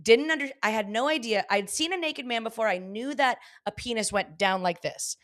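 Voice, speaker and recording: A woman's voice: a little high, fairly quick, a bit bright. A woman with a Southern California Valley girl accent, a comedian guest on a podcast, talking candidly and animatedly with frequent laughs and restarted sentences. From Los Angeles. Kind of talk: casual podcast chat.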